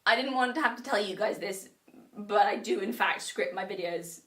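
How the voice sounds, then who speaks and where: A woman's voice: mid-range voice, moderate pace, a bit bright, distant mic. A woman delivering a playful, theatrical scripted monologue in a teasing manner. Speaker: video essayist.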